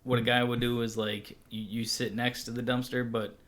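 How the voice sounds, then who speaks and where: Bright-voiced, teasing young guy co-host. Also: medium pitch, little pitch movement. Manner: joking, teasing, quick to laugh. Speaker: podcast co-host. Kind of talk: casual chat.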